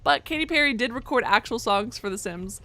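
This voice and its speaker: A woman's voice: fairly high pitch, lively intonation, a little fast, pushed and bright. A young woman doing let's play commentary, joking and swearing as she reacts to the game. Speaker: gaming streamer.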